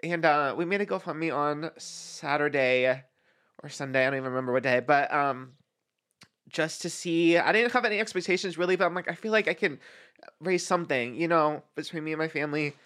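A man co-hosting a podcast in casual chat, soft-spoken and halting as he talks. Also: on the high side. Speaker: podcast co-host.

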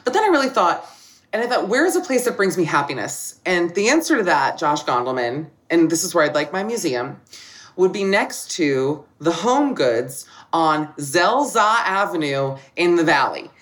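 A woman comedian in her forties chatting as a podcast guest, an animated, self-mocking storyteller who laughs often. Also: fairly low pitch, normal speed. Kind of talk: casual comedic chat.

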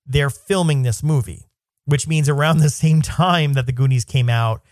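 A man's voice: medium pitch, moderate pace, dry recording. A man with a mid-range voice co-hosts a casual movie podcast. He talks thoughtfully and works through his ideas aloud. The sound is dry and close. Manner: thoughtful, reasons things out aloud. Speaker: podcast co-host. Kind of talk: casual chat about a movie.

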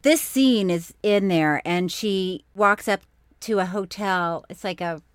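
A woman co-hosting a podcast in casual chat, an animated storyteller who breaks into loud laughter. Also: mid-range voice, takes it slowly, clean tone, no room sound, clean studio sound. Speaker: podcast co-host.

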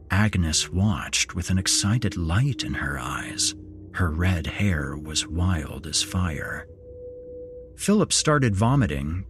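A man with a low voice reads horror fiction at an unhurried, deliberate pace. His delivery rises and falls with lively pitch, and a faint hiss sits under the recording. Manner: slow, measured storytelling. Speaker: podcast host and narrator. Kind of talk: scripted horror story narration.

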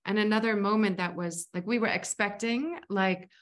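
A woman's voice: medium pitch, normal speed. A woman, an actress and filmmaker, telling stories in a casual interview, chatty and rambling with many fillers and restarts. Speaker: actress and filmmaker, podcast guest.

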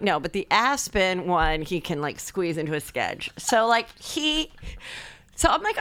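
A middle-aged woman, a comedian, telling animated stories full of fillers and swearing, acting out other people's voices. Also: lowish voice, unhurried, clear, resonant tone, no room sound. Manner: many filler likes. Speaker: guest comedian. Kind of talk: casual storytelling chat.

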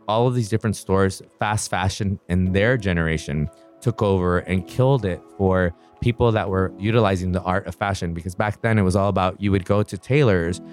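A man earnestly recounting a personal story in an interview, reflective and quick-flowing. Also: sits low.

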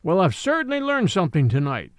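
A proud cavalry horse, touchy about his breeding, who talks in a haughty, dry way. A man voices him fairly high, with a lot of rise and fall. The mic is close and dry. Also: huge pitch swings, a little fast, no echo.

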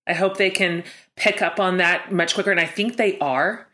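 Brief: middle-aged female host, lowish voice, eager and gushing in casual chat. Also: steady tone, normal speed, sharp tone. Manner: enthusiastic, effusive, self-deprecating. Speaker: podcast host.

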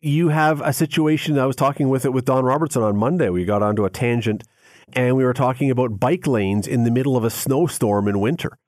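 A man's voice: mid-range voice, brisk, a little mellow, no echo, studio quality. A man, a radio host, giving emphatic opinions in a casual on-air chat. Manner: opinionated, emphatic, mocks quoted complaints.

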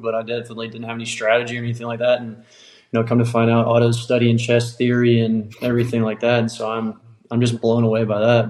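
A man, a baseball pitcher guest, talking easygoingly with many fillers in a casual interview. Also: a little mellow. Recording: echoey room.

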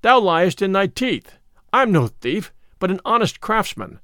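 A stubborn, fearless tanner, as a man reads him aloud, answering back in defiant old-fashioned words. The voice sits high and lively, recorded dry and close. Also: measured pace, no room sound, heavily acted. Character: bold, stubborn male tanner.

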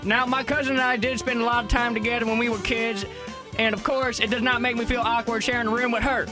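A man putting on a high-pitched hillbilly with a twang, stumbling through a letter he reads aloud. Loud music plays behind him throughout. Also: level tone. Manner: halting reading, stumbles and giggles.

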